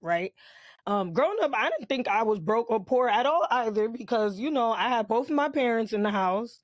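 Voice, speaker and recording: A young woman from Brooklyn, New York, co-hosting a podcast and telling her story in a chatty, animated way with casual slang. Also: on the high side, moderate pace, no echo, dull audio. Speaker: podcast co-host.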